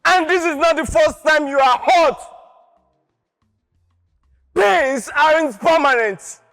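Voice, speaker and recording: A man's voice: very high voice, takes it slowly, gravelly, pushed and bright, long reverb tail, soft background music, exaggerated voice. A male acting contestant performing a stage monologue as an impassioned man urging people never to give up, delivered in a preachy, rousing way.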